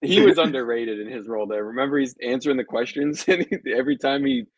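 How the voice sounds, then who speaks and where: A man co-hosting a casual live talk show about films, relaxed and laughing along, putting on voices when he quotes. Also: mid-range voice, quick pace, dry recording. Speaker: co-host.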